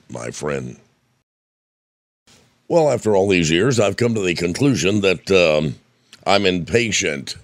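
A man's voice: low-pitched, no echo. An older man from Indiana giving a folksy devotional talk, storytelling as he goes, with a voice that is wearing out. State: losing his voice. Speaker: radio preacher.

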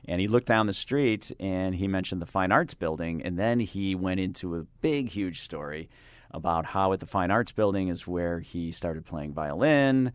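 A man's voice: low-pitched, lively intonation, moderate pace, smooth, no room sound. A man hosting a casual radio studio chat, rambling and correcting himself as he tells stories. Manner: rambling, self-correcting, mimics voices in anecdotes. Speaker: radio host. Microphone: studio microphone.

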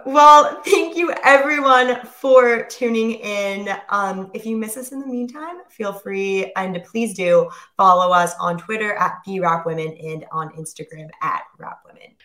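A woman's voice: mid-range voice, measured pace, few pauses, bright, forceful tone. A woman co-hosting a podcast who chats in a playful, self-mocking way. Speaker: podcast co-host. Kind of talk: casual podcast chat.

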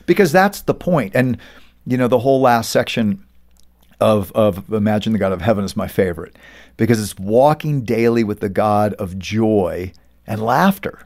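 Animated storytelling pastor, a man. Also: fairly low pitch, normal speed. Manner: animated storyteller, acts out quoted voices. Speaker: pastor and author, guest. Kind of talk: storytelling interview talk.

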